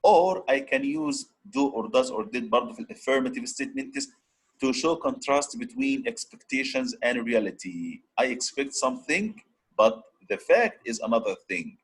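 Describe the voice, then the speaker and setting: A man's voice: mid-range voice, big pitch swings, normal speed, slightly rough, rough recording. A man teaching an English grammar lesson, switching between Arabic and English and repeatedly prodding his students to answer.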